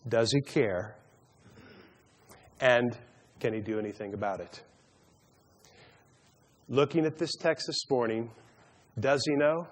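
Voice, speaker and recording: A man's voice: mid-range voice, slow, pauses often. A man teaching a Bible study sermon, telling stories and jokes, often stumbling and repeating words as he goes. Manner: stammering repeats, storytelling with a joke. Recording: long hall reverb.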